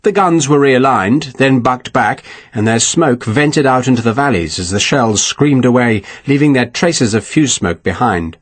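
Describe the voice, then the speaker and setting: A man narrating an audiobook with expressive, dramatic reading. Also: mid-range voice, unhurried, few pauses, slightly rough.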